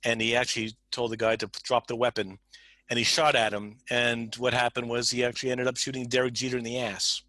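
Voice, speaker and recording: A man hosting a relaxed sports podcast, his voice bright and forward. He rambles with many restarts, retelling film scenes with quick quoted lines. The sound is dry and close. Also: medium pitch, no echo, poor audio. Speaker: podcast host. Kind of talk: casual chat.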